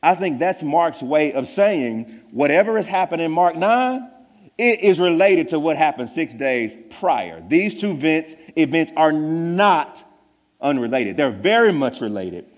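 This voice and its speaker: Male pastor, earnest sermon delivery, pitched a touch high, reverberant hall sound. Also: expressive, a little slow. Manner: earnest, drops to a hushed low voice for tender points.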